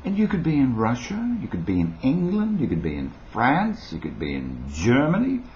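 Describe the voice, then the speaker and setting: A man's voice: medium pitch, wildly swooping pitch, normal speed, a little mellow, muffled recording, a little hiss or hum. An older Australian man with an Australian accent, rambling playfully and eccentrically to his webcam at home. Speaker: vlogger. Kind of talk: casual talk to webcam.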